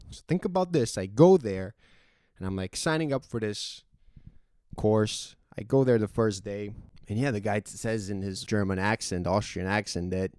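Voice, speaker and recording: A young man from Serbia with a Serbian accent, telling a story casually, animated and swearing freely. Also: lowish voice, clear, resonant tone, no room sound, studio quality. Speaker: vlogger.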